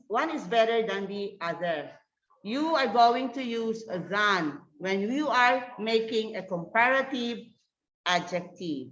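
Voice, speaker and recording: A woman's voice: a little high, fairly bright tone. A woman teaching an online grammar lesson, patiently calling on students by name over a video call. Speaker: English teacher. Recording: echoey, dull lo-fi room sound.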